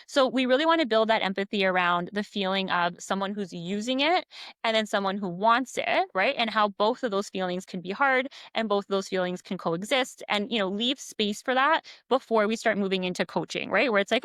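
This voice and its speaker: Woman in her 30s, counselor type, brisk explanatory delivery, dry close-mic sound. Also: medium pitch, fairly bright tone, dry recording. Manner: brisk, explanatory, frequent "right?" tags. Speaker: child and family counselor. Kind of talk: advice talk to parents.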